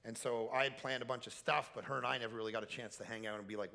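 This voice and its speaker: A man preaching a lively camp sermon, telling stories and swinging from quiet asides to loud, high-pitched peaks. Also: quick pace, vocal fry. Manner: animated storytelling with shouted high peaks. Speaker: pastor. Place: camp meeting hall.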